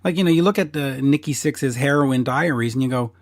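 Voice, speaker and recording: A Canadian podcast host talks fast with few pauses in a mid-range voice that's going slightly hoarse, recorded at studio quality with no room sound. In a casual interview chat he's enthusiastic and blunt, swearing casually.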